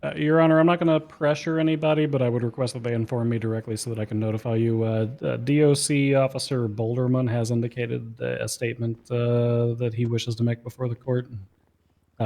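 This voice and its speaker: A man's voice: mid-range voice, dark tone. A man playing a prosecutor in a game roleplay, addressing the court formally with many fillers. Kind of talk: in-character roleplay over game voice chat.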